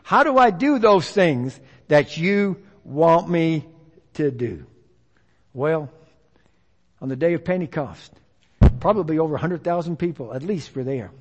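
Speaking unhurriedly and expressively with long pauses, a preacher with a strikingly high voice gives a forceful sermon. He repeats himself for emphasis and uses call-and-response, all echoing in the long reverb of a church hall.

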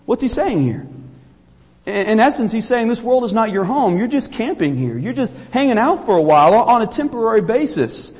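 A man's voice: very high-pitched, big pitch swings, moderate pace, darkish tone, slightly rough, long reverb tail. A man from Kentucky, preaching an earnest sermon in a church and often repeating words for emphasis. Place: church sanctuary.

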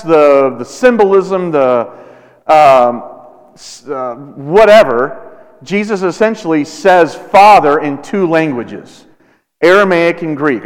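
Pastor, thirties, deliberate sermon delivery with long pauses, big hall reverb. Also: male voice, on the high side, smooth. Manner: slow, deliberate preaching with dramatic pauses.

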